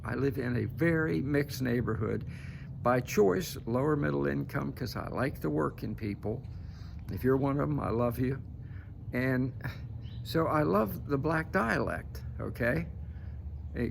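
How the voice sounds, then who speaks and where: A man's voice: medium pitch, gravelly, slight background noise. A man giving casual political commentary to camera, emphatic and repeatedly tagging his points with "okay?".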